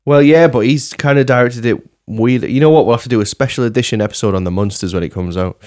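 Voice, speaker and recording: A man's voice: medium pitch, fast, a little mellow. A man hosting a casual podcast, jokingly running a film trivia quiz and laughing often. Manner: jokey, laughs often, quizzes the others. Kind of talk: casual chat.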